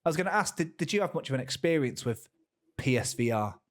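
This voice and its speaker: A man co-hosting a podcast, talking in an excitable, stammering casual way. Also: on the high side, quick pace. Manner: animated, excitable storytelling with stammers. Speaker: podcast co-host. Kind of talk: casual chat.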